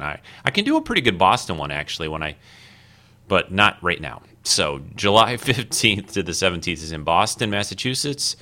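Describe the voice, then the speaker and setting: A man's voice: low voice, bright, forceful tone. A man hosting a podcast alone, talking casually and rambling with fillers and restarts. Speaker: podcast host. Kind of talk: casual solo podcast talk.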